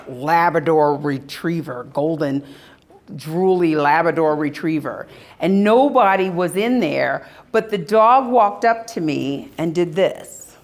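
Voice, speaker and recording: Unhurried, animated woman speaker. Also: sits low. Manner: animated storytelling, acting out scenes. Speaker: spiritual workshop speaker. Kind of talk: live talk to an audience. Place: expo hall.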